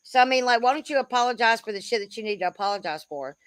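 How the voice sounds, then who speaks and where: A woman's voice: a little high, lively intonation, quick pace, fairly bright tone, a little hiss or hum. A woman in her fifties giving a blunt, profane, rambling commentary rant, often calling people "bro.". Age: 50s. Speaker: commentary creator.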